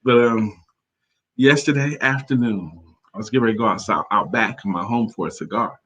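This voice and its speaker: A man's voice: fairly low pitch, a little fast, a bit bright, slightly rough, highs cut off. A man co-hosting a talk show in casual chat, playful and teasing, laughing often. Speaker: co-host.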